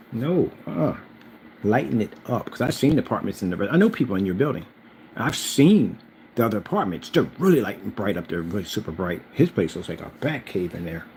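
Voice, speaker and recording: A man hosting his own channel, ranting casually at the camera. He is boastful and challenging, swinging from loud calls to low mutters. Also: slight background noise. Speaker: channel host.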